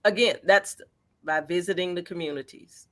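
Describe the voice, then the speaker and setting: A woman, a featured artist, answering interview questions in a lively, encouraging way with everyday examples. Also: on the low side, normal speed.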